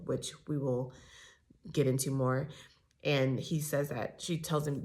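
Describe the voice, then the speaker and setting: A woman's voice: low-pitched, fairly even intonation, unhurried, darkish tone. A woman giving a casual, opinionated recap of a reality show, talking with many fillers and asides.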